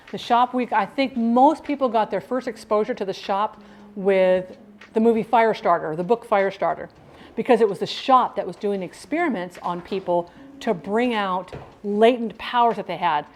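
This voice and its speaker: A woman's voice: mid-range voice, moderate pace. Talkative woman in rambling casual chat. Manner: rambling, talkative, jumps between thoughts.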